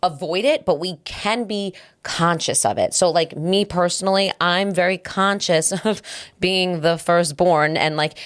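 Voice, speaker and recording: A woman with a somewhat low voice chatting on a podcast. She is animated and jumps in readily, agreeing and building on what is said in easy conversation. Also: unhurried. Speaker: podcast co-host. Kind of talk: casual chat.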